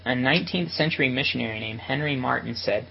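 A man's voice: mid-range voice, fast, creaky, lo-fi sound, a little hiss or hum. A man giving an earnest, reflective sermon to ministry workers at a retreat.

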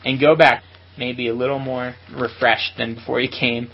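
A man's voice: mid-range voice, flat delivery, moderate pace, creaky, lo-fi sound, slight background noise. A man giving an earnest, reflective sermon to ministry workers at a retreat.

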